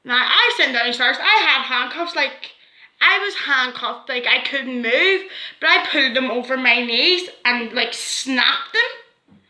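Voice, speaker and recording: Rambling Northern Irish woman, bright high voice. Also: expressive, unhurried, echoey room, poor audio. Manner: rambling, swearing, constant "like" fillers. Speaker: vlogger. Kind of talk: casual storytelling to camera.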